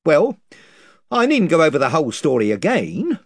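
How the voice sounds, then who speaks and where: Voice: medium pitch, wildly swooping pitch, normal speed, breathy edge, dry recording, clean studio sound, pitched above the performer's own voice, heavily acted. A reader doing a rambling folksy creature chief. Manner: rambling, folksy, servile yet menacing. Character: bumbling rustic chief of invisible creatures.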